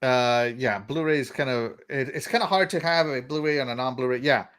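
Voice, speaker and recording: Reading out viewer comments on his laid-back gaming podcast, this middle-aged host from Texas rambles and laughs. He speaks briskly at medium pitch, with a smooth, fairly bright tone.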